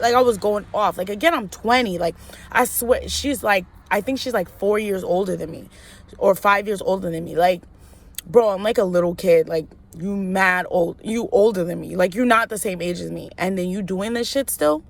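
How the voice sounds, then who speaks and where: A young woman in her twenties tells a personal story to her vlog audience in a mid-pitched voice. She is blunt and streetwise, full of slang and swearing. She acts out both sides of a heated phone fight. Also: moderate pace. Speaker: vlogger. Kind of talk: casual storytime.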